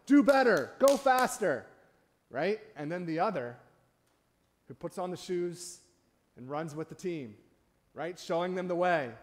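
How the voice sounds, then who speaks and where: Man preaching with a conversational lilt. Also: fairly high pitch. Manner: conversational preaching, frequent "right?" asides. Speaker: pastor. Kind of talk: sermon. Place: church sanctuary.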